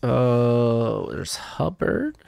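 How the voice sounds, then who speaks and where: A man's voice: medium pitch, drawn-out words, gravelly, smooth, dry recording, soft background music. A young man hosting a mock draft video, chatting casually as he thinks aloud, rambling and correcting himself. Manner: rambling, self-correcting, animated. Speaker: YouTube mock draft host. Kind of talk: casual live commentary.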